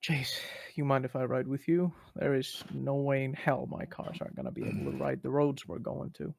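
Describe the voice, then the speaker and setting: A man playing a tabletop game, talking in a relaxed, chuckling way. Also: medium pitch, moderate pace, vocal fry, slight background noise. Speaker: player.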